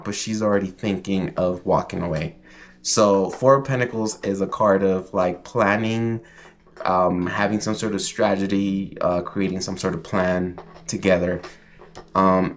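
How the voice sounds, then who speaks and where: Low-voiced man reading tarot on stream. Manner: rambling, filler-heavy, chatty. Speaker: tarot reader. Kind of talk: casual livestream tarot reading.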